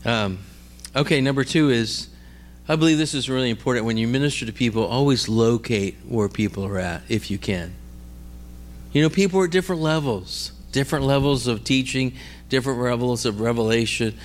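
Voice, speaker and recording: A man's voice: mid-range voice, brisk. A man preaching conversationally, telling stories and checking in with his listeners with "all right?" and "amen?". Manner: repeats and restarts words while telling stories. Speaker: preacher teaching on healing ministry. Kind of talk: conversational sermon with storytelling.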